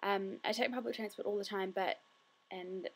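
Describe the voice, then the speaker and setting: A woman's voice: mid-range voice, fairly even intonation, normal speed, breathy edge. A tired young woman telling a story in a chatty, rambling way with many fillers. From New Zealand. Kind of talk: casual storytelling vlog.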